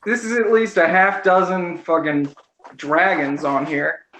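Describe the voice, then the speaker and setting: A man playing a tabletop game, asking quick joking questions and swearing casually. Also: high voice, steady tone, background noise. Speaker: player. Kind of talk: casual chat. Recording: roomy echo.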